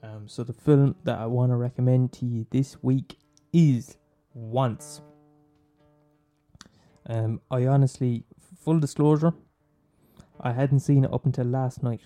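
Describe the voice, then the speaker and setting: Swearing Irish man rambling, very dark voice. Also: medium pitch, steady tone, a little slow, soft background music. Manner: swearing, laughing, teasing, self-mocking. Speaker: podcast host recommending films. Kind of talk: casual rambling monologue.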